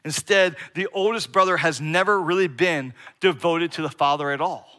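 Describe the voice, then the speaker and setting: Preaching conversationally, a middle-aged pastor often turns to his congregation with a quick "right?". He speaks at a moderate pace in a fairly high, bright, forceful voice.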